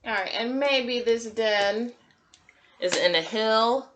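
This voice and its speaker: A woman teacher giving a gentle, encouraging drawing lesson to young children and talking through each step as she draws. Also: fairly high pitch, takes it slowly, highs cut off, slight background noise. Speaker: kindergarten teacher.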